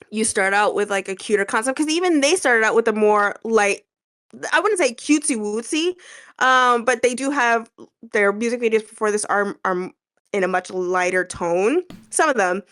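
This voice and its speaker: A woman's voice: medium pitch, unhurried, clear, resonant tone. A woman with a stuffy, nasal voice from a cold, chatting animatedly and gushing as co-host of a music reaction video. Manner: animated, gushing, swearing freely. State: stuffy and a little sick. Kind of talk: casual reaction chat.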